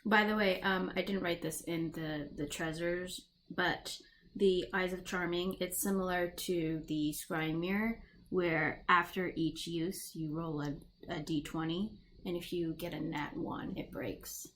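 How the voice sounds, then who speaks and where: A woman running a tabletop game as game master, explaining rules calmly. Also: lowish voice, a little slow, a little hiss or hum.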